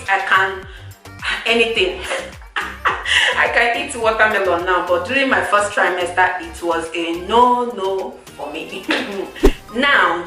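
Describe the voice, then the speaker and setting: Lady vlogging, lively and laughy, kinda far from the mic with soft music behind. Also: mid-range voice. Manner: animated, laughing often, repeats words for emphasis. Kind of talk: casual chat to camera. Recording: roomy echo, far from the mic, faint music.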